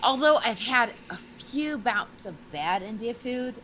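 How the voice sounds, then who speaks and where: A woman in her forties talks casually on a live stream, her voice swinging widely up and down. She swears freely and leaps high when excited. A faint hiss sits under her voice. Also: unhurried, low-quality recording. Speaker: podcast guest.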